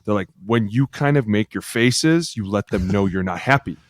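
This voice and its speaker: A man's voice: lowish voice, moderate pace, dry recording. A man co-hosting a casual podcast, a rowdy, profane storyteller who acts out the dialogue in his stories. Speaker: podcast co-host, former football lineman.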